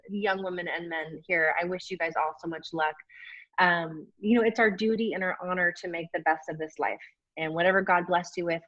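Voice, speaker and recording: A woman's voice: lowish voice, fairly bright tone, dry recording. A woman in her forties, an athlete guest in a casual interview, talking candidly and enthusiastically with lots of fillers. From United States. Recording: dull, dry lo-fi call audio.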